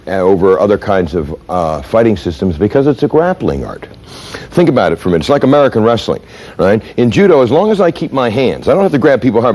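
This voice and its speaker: A middle-aged man lecturing to a seminar audience in a lively, theatrical way. His pitch leaps up and drops low as he dramatizes stories and mimics people. He is an energetic storyteller who keeps checking in with his listeners. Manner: animated, dramatic storyteller, mimics voices and sounds. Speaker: seminar speaker. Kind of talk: lecture with acted examples.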